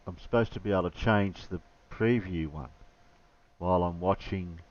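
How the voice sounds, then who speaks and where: A man hosting a live stream, chatting casually and muttering hesitantly while he works his stream software. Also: low voice, moderate pace. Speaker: livestream host. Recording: distant muffled mic.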